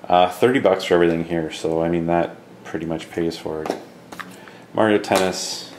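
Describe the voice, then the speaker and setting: Deep-voiced man quietly rambling through game pickups. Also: moderate pace, background noise. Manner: relaxed, rambling, many fillers; keeping his voice down. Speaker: video game collector vlogger. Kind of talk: casual show-and-tell vlog. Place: home at night.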